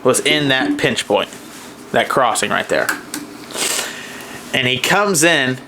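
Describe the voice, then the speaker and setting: A man's voice: medium pitch, takes it slowly, noisy background. A man co-hosting a podcast, casually retelling a deer hunt and acting out what the deer were thinking. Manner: animated storyteller, acts out deer thoughts. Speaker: podcast co-host. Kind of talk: casual hunting story chat.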